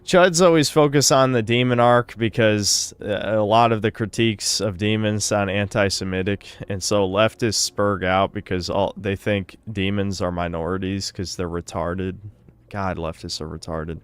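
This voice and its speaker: Sardonic low-voiced male streamer. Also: fairly even intonation, moderate pace, clean tone. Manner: sardonic and profane. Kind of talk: live stream chat reading donations.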